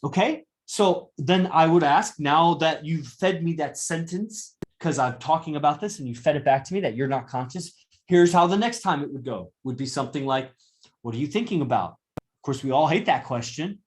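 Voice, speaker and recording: A man's voice: on the high side, lively intonation, moderate pace. A man giving a live classroom lecture, confrontational and profane as he berates a student.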